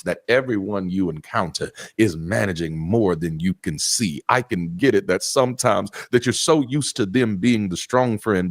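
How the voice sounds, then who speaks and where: Low-voiced man giving motivational talk. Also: no echo, studio quality. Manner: earnest and preachy, with blunt profanity.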